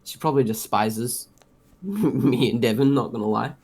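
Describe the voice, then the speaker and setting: A man's voice: medium pitch, animated, normal speed, creaky, darkish tone. A young man co-hosting a casual podcast, joking crudely and swearing heavily. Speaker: podcast co-host. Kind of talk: casual chat.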